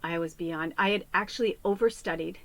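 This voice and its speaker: A woman's voice: fairly low pitch, fairly quick, fairly bright tone, no room sound, poor audio. A woman psychic medium telling a personal story in a casual, rambling way, swearing freely.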